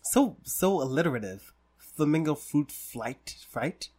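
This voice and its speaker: A man's voice: a little high, lively intonation, a little slow, darkish tone. A man hosting a podcast in casual chat, tipsy, rambling and joking loosely. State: drunk. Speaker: podcast host.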